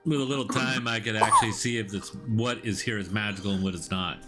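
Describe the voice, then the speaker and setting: A man's voice: fairly low pitch, quick pace, loud music behind the voice. A man playing a tabletop game, easygoing and fumbling a little with his tools. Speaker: player. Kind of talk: casual tabletop play.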